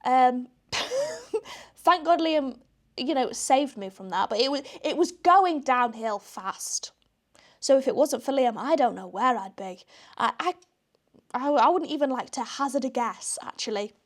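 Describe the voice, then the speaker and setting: A young British woman with a British accent hosts a podcast in a chatty, self-deprecating way, laughing at herself often. Her voice is high and sing-song, and she speaks unhurriedly in a casual chat.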